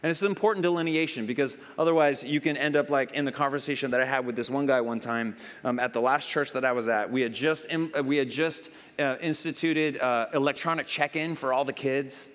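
A man's voice: mid-range voice, a little fast, hardly any pauses. A man preaching a casual, conversational sermon to his church, telling stories and acting out bits of dialogue. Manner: conversational, animated storytelling with acted-out dialogue. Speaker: pastor. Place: church hall. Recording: long hall reverb.

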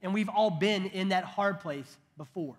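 A man in his thirties preaches with a notably high-pitched voice. He keeps it conversational, slipping in joking asides and restarting his sentences as he goes. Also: a little slow. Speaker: pastor. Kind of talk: sermon.

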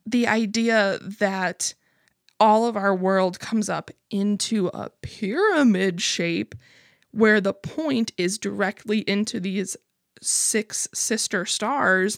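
A woman's voice: mid-range voice, slow pace, vocal fry, dry recording, studio quality. A young adult American woman hosting a comedy podcast, rambling through a story with lots of swearing and laughing at herself. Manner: profane, rambling, laughs at her own stories. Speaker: podcast host. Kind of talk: casual comedic monologue.

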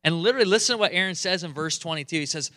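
A male pastor preaching a sermon in a conversational, animated way. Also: on the high side, racing, dry recording, studio quality. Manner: conversational, animated, chuckles often.

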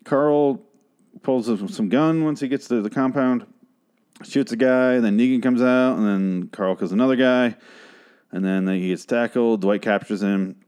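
A man hosting a podcast, recapping a TV episode in a rambling, sarcastic, profane rant, his voice a little hoarse. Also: mid-range voice, measured pace, darkish tone. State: voice getting hoarse.

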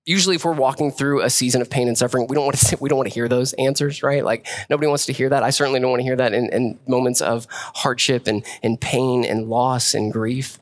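A man's voice: fast, hardly any pauses. A man preaching a sermon as a pastor, in a conversational way that keeps checking in with "right?" and acts out the voices of churchgoers. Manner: conversational preaching with frequent "right?" and repeated words; acts out voices of churchgoers in a rising, animated pitch.

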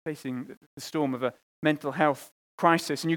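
In a steady tone and a voice pitched a little high, a preacher gives an earnest sermon marked by pauses, restarted phrases and repeated words. He alternates between raised, emphatic pleas and gentle, hushed asides.

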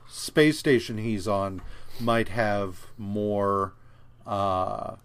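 Slow, rambling man recapping comics. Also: on the low side, pushed and bright. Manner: rambling, profane, frequent fillers and restarts. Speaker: podcast co-host. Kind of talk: casual comic book recap chat.

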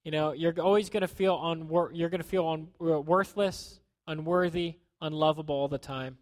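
A man preaching a sermon in a conversational way, acting out quotes and dropping to a hushed tone at times. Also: on the high side, steady tone, normal speed, no room sound. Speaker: pastor.

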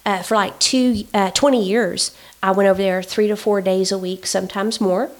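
A woman telling a story in casual chat, animated and indignant, with many fillers. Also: mid-range voice, moderate pace.

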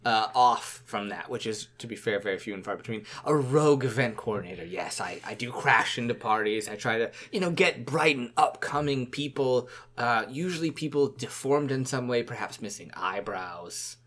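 A player in a tabletop role-playing game speaks with playful theatricality, sliding between narrating actions and speaking in character. The voice sits at a mid pitch, neither high nor low. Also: moderate pace, few pauses, a bit bright.

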